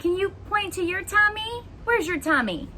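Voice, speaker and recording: A woman's voice: extremely high pitch, lively intonation, normal speed, pushed and bright, slight background noise. A woman teacher reading a picture book aloud to young children, asking them encouraging questions as she goes. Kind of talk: children's story time.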